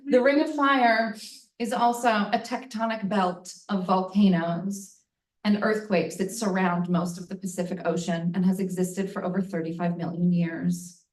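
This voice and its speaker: A woman's voice: mid-range voice, steady tone, a little slow. A woman tells a frank, bawdy story to a live audience, laughing now and then at her own jokes. Her voice sits in the middle range. She is picked up from some distance, in a roomy, echoing venue. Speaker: storytelling performer.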